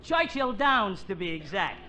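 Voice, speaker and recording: Wisecracking Brooklyn cabbie, Brooklyn accent, high nasal-bright voice, lively ups and downs, noisy old radio recording. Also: male voice, over a noisy crowd. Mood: brash. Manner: fast-talking tough-guy wisecracks. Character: brash Brooklyn cab driver, wisecracking man. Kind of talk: 1940s radio comedy acting.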